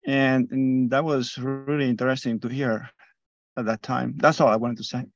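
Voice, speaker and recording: A man's voice: medium pitch, level tone, normal speed, no echo. Hesitant man on dull call audio. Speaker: call participant. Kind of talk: question on a group call.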